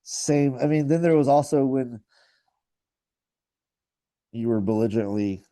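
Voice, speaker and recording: A man's voice: mid-range voice, unhurried, mellow. A man in his thirties co-hosting a podcast, telling stories in a laid-back way with lots of fillers. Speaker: podcast co-host. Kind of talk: casual chat.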